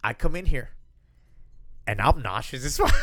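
Animated man swearing through a story. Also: medium pitch, moderate pace. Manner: animated, swearing, laughing storyteller acting out quotes. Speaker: husband telling wedding story. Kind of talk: casual chat.

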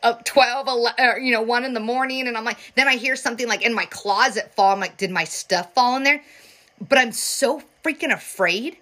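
A young woman chatting casually, telling animated stories and acting out the quotes. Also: fairly high pitch, brisk. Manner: animated storytelling with acted quotes. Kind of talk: casual chat.

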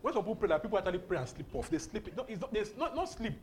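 Exuberant male preacher, high and animated delivery, laughs through his lines, faint room noise. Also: very fast. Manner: exuberant, laughing often, repeating phrases. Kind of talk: charismatic sermon.

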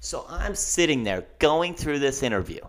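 A man's voice: a little high, sing-song, normal speed. A man hosting a solo podcast, ranting emphatically and often asking "okay?". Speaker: podcast host.

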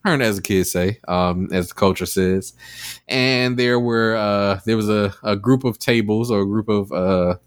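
Low-voiced man rambling casually on a podcast. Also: unhurried, clear, resonant tone, no echo, clean studio sound. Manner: rambling with many fillers, animated retelling. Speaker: podcast host. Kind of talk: casual chat.

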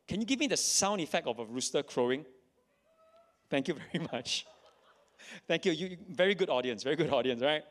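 A man's voice: a little high, lively intonation, moderate pace, a bit bright. A man preaching a sermon to a live audience, reading scripture dramatically and repeating key lines for emphasis. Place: church in front of an audience.

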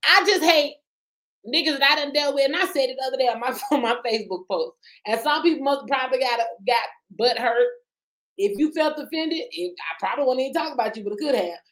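A woman co-host talks in a casual podcast chat, her voice sitting a little high. She is blunt and profane, and laughs often. She swings between low mutters and loud outbursts. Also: lively intonation, fairly quick.

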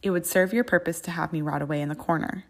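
A proud, bitter young wizard voiced by a woman reader snarls and sneers his way through a fan fiction audiobook. The voice sits a little low and stays defensive and cutting. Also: fairly even intonation, quick pace, creaky. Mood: scornful.

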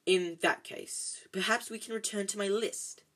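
Reader doing a storybook rich man, cold, curt, haughty, slightly husky. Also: medium pitch, fairly even intonation, measured pace, fairly bright tone, voice pushed up.

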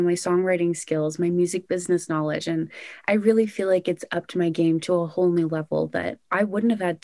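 A woman's voice: on the low side, dry recording. Chatty young woman, dry close sound. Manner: chatty, excitable, lots of "like" and "oh my gosh". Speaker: country singer-songwriter guest. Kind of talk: casual interview answers.

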